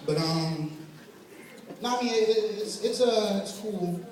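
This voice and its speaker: A man's voice: high-pitched, measured pace. A young man doing a stand-up comedy set at a talent show, rambling and self-deprecating, often laughing at his own jokes. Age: young adult. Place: large hall at a talent show. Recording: echoey hall recorded from far off, with crowd noise. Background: audience laughing and cheering.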